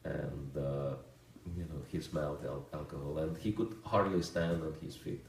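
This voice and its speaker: Deep-voiced man telling a story in a roomy hall. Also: moderate pace, distant mic, slight background noise. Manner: relaxed anecdotal storytelling with fillers and chuckles. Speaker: monk giving a talk. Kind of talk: storytelling lecture.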